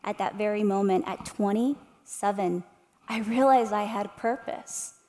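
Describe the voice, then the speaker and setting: Speaking at a measured pace in a warm, medium-pitched voice, a thirtysomething woman delivers a motivational keynote. She tells stories with animation and uses tag questions to speak straight to the audience, in a big arts center hall with long reverb.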